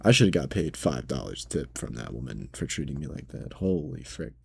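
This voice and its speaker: A man's voice: a bass voice, very animated, fairly quick, gravelly, darkish tone, husky. A young man working as a grocery cashier, retelling a bad customer story in a casual, slangy, exasperated way.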